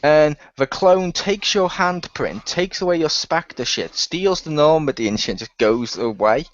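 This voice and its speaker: A man hosts a gaming podcast and rambles through an animated story, laughing often. His voice sits a little high. The recording is muffled and lo-fi, with a dry room. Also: a little slow, dry recording. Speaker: podcast host. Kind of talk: casual chat.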